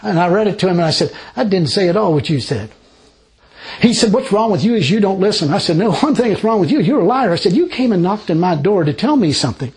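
Folksy preacher man, high voice. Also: fast talker, poor audio. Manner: folksy, rambling, animated storytelling with laughs. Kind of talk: informal sermon with personal stories.

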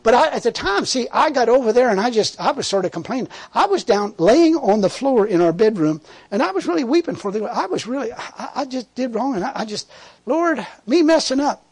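A man's voice: very high voice, sing-song, brisk, a little mellow, breathy edge. A man preaching a sermon in a fervent, conversational way, repeating words and laughing as he tells a story.

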